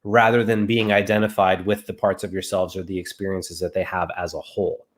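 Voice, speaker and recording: A man's voice: low voice, level tone, fairly quick. A man who is a returning guest in a casual discussion, talking eagerly and conversationally and often saying "like.".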